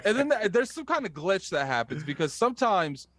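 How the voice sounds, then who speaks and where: A man's voice: high-pitched, big pitch swings, fairly quick, a bit bright, dry recording, raised voice. A man co-hosting a casual gaming podcast over a call, talking with many restarts and small laughs. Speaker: podcast co-host. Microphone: remote call mic.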